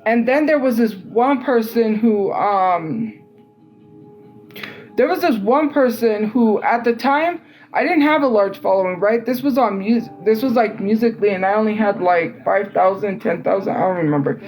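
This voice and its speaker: A woman's voice: mid-range voice, normal speed, darkish tone, faint music behind, low-quality recording. Young woman rambling through a story. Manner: rambling, filler-heavy, with frequent "like" and restarts; exasperated and incredulous. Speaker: livestream host. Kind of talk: casual storytelling on a livestream.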